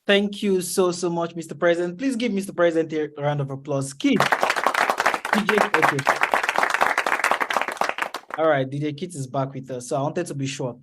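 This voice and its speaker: A man's voice: a little high, moderate pace, long pauses, over a noisy crowd, very noisy. A man hosting an online event as emcee, talking with lots of fillers. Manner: chatty, filler-heavy.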